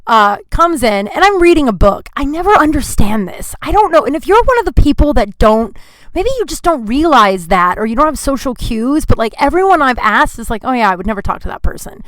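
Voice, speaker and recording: A woman hosts her podcast in a loose, chatty monologue, peppering every sentence with "like" and grumbling as she goes. Her voice sits a little high. It is recorded dry and close, with no room sound. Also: big pitch swings, moderate pace, fairly bright tone, no room sound. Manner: chatty, heavy use of "like" fillers; grumpy, complaining tone. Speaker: podcast host. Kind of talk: casual monologue storytelling.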